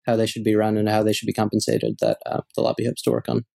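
A man guest on a podcast, speaking in a measured way and hedging with "sort of" and "you know". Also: fairly low pitch, monotone, creaky, warm tone, no echo, clean studio sound. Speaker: guest, advocacy group member. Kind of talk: conversational podcast interview.

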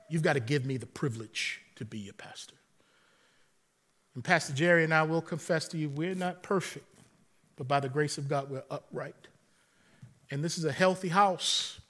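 A middle-aged man, preaching a sermon as pastor, animated and storytelling with humor. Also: fairly high pitch.

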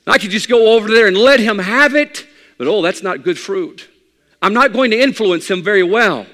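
A man with a high voice delivers a sermon with a conversational, joking manner, like a pastor talking straight to his congregation. His words trail off into a long hall reverb. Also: lively intonation, normal speed, fairly bright tone. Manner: conversational preaching with folksy humor.

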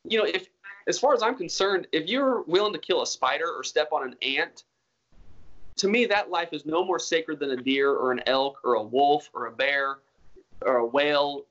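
A man's voice: fairly high pitch, a bit bright, muffled recording. A man being interviewed about hunting, talking in an earnest, rambling way with many restarts. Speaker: hunter guest. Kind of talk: casual interview talk.

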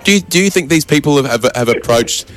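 A man's voice: a little high, faint music behind. A man co-hosting a comedy podcast, ranting animatedly and joking. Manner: animated, ranting, quick-witted. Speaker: podcast co-host. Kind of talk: comedic banter.

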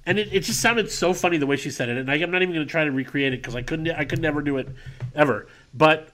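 A man co-hosting a casual podcast, telling a story in an animated way. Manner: animated storytelling, quick pitch jumps. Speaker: podcast co-host.

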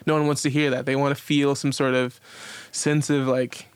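A man's voice: mid-range voice, little pitch movement, normal speed, clean tone, no echo. A man co-hosting a podcast, telling a story in a rambling, casual way with lots of fillers and the odd curse word. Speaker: podcast co-host. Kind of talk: casual chat. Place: podcast recording setup.

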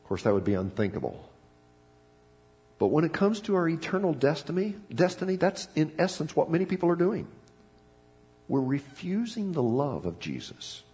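Man preaching a sermon, somewhat high voice, very lively pitch, dramatic storytelling. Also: normal speed. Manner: dramatic storytelling, swings between loud emphasis and hushed tones. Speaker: pastor. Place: church sanctuary.

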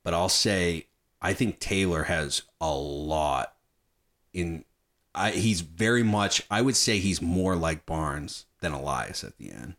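Lively low-voiced man swearing freely. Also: slow. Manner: animated, swears freely, retells scenes with acted-out quotes. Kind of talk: casual film discussion chat.

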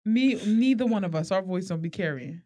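A woman's voice: medium pitch, lively intonation, fairly quick, warm tone. A young woman co-hosting a podcast, chatting casually with slang and swearing and laughing often. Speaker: podcast co-host. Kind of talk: casual chat.

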